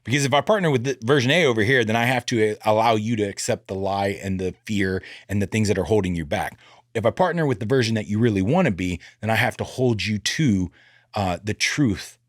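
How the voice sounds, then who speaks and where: A man hosting a sales podcast in casual chat, animated and joking, acting out bits of dialogue. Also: fairly low pitch, brisk, no room sound, studio quality.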